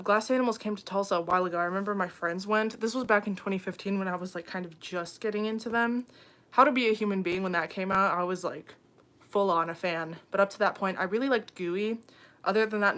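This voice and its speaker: A young woman talks casually to her livestream viewers from home, in a voice of ordinary middle pitch. She is chatty and loose, reading comments aloud and scattering ums and small laughs through her talk. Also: fairly bright tone. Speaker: livestream host.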